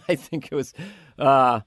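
A man in casual conversation, telling show-business stories in an animated way and slipping into impressions. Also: medium pitch, slow pace, no room sound, clean studio sound. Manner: animated storyteller who slips into impressions. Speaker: comedian guest recalling sketch work.

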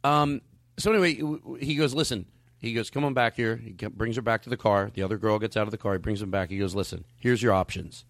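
Animated man telling a story, dry sound. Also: on the low side, fast talker, no room sound. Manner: animated, acts out quoted dialogue. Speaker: podcast host. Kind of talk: casual storytelling chat.

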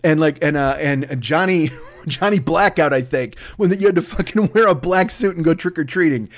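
A male comedian hosting a podcast, rambling through a profane, excitable monologue. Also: fairly high pitch, moderate pace.

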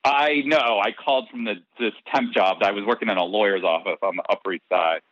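Lower-voiced man telling a lively story. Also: fast, dry recording. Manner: lively, acts out dialogue in his stories. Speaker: soap opera head writer, interview guest. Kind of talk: casual anecdotal storytelling. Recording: dull, dry lo-fi podcast audio.

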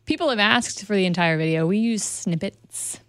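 A woman co-hosting a podcast in casual chat, curious and quick to ask questions. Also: medium pitch, fairly bright tone, dry recording, studio quality. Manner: curious, asks lots of questions.

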